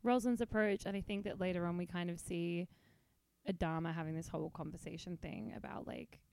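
Low-voiced chatty woman from Australia. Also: steady tone, brisk, creaky, darkish tone, a little hiss or hum. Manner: chatty, lots of fillers and laughs. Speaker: podcast co-host. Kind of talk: casual chat.

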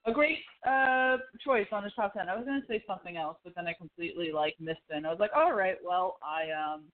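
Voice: medium pitch, quick pace. Chatty podcast co-host on a tinny line. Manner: rambling, laughing, full of fillers and acted quotes. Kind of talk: casual chat recapping a TV series.

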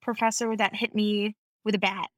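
A young woman chatting as a podcast guest, telling animated, quick stories with a laugh. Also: medium pitch, no room sound. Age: young adult. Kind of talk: casual chat.

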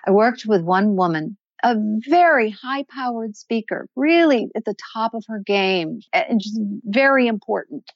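A woman's voice: fairly high pitch, measured pace, few pauses, no echo, dull audio. An older woman, a voice coach, talks in a podcast interview and shifts her voice up and down to show what she means. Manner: expressive, demonstrates voices while explaining.

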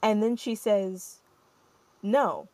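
A young adult woman hosting a podcast, telling a story in an animated, rambling way full of fillers. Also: medium pitch, extremely slow, no room sound. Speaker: podcast host. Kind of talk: casual storytelling chat.

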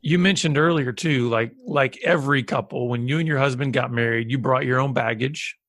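A man's voice: mid-range voice, fairly quick, fairly bright tone. A man hosting an interview, asking long, thoughtful questions. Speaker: podcast host.

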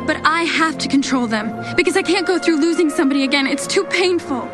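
A woman plays a young woman in a film, high and pleading, her lines aching with fear of loss. Loud swelling music sits under every word. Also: brisk, close to an everyday voice. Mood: anguished. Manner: emotional, pleading. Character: tearful young woman torn over love. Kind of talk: film dialogue.

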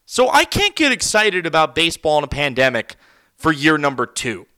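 High, lively ranting male podcaster. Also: normal speed. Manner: heated, ranting, sarcastic. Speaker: podcast host. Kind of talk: solo sports rant podcast. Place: recording studio.

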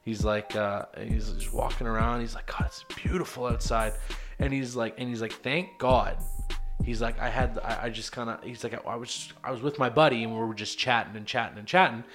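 A young Canadian man co-hosting a podcast, swearing freely and telling stories with sudden loud bursts. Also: mid-range voice, a little fast, over music. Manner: animated, profane, swings loud. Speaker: podcast co-host. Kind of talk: casual chat.

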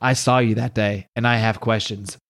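A man's voice: on the low side, fairly even intonation, normal speed, close to an everyday voice. A man voicing a determined young female reporter who presses with questions. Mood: pressing.

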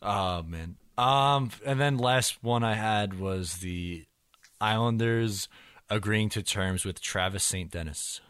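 Low-voiced teasing male podcast host. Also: takes it slowly, a bit bright, smooth, no echo, studio quality. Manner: teasing, laid-back, leads segments. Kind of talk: casual sports podcast chat.

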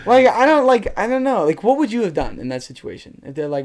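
A young man chatting casually as a podcast co-host, an animated storyteller who fills his talk with slang and "like". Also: high voice, quick pace. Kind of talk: casual chat.

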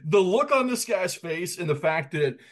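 A man co-hosting a wrestling podcast, telling stories in an animated way and laughing often. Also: high voice, moderate pace. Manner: animated, laughing, emphatic storyteller. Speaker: podcast co-host. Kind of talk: casual chat.

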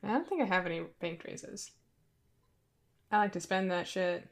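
A woman's voice: on the low side, expressive, normal speed. Firm, plainspoken woman player. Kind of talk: in-character tabletop play.

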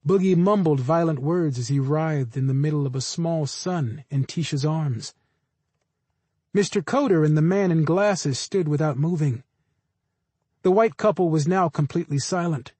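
A man reading a story aloud as an audiobook narrator, in measured, unhurried scripted narration. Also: on the high side, mellow, dry recording.

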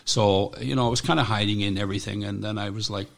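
Blunt gravelly veteran man. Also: on the low side, steady tone, a bit bright. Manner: blunt, profane, halting. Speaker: military veteran guest. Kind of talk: personal account in an interview.

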